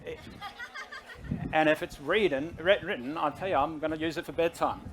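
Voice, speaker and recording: A man's voice: fairly high pitch, normal speed. Aussie guy middle aged, pumped up and persuasive, talking to a crowd, bit of background hiss. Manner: energetic, persuasive, talks to the audience directly. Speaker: guest CEO. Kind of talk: conversational stage interview.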